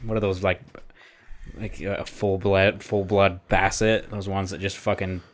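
Low-voiced man joking crudely. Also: level tone, unhurried, a crowd in the background. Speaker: podcast co-host. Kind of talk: casual chat.

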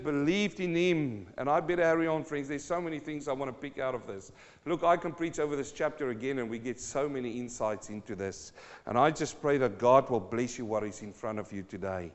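A man preaching a sermon and reading scripture aloud, moving from quiet reading to loud, fired-up preaching. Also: on the high side. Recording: long reverb of a large hall.

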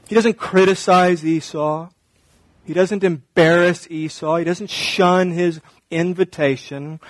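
A man, a pastor, preaching a sermon, shifting from quiet reflective teaching to loud mocking mimicry. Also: on the high side, no echo.

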